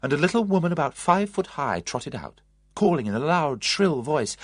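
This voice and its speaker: An audiobook narrator reading a story in an expressive storytelling manner. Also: medium pitch, normal speed, no room sound.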